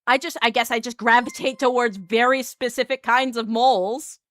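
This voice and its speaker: A woman's voice: fairly high pitch, moderate pace, no room sound. Self-mocking woman streamer, dry close mic. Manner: animated, self-mocking, yelps in embarrassment. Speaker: VTuber streamer. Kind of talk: casual live-stream chat.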